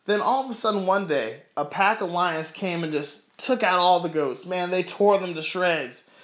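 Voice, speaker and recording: Fervent male preacher, high voice, emphatic repeats, roomy echo. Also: moderate pace, fairly bright tone. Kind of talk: sermon with closing prayer.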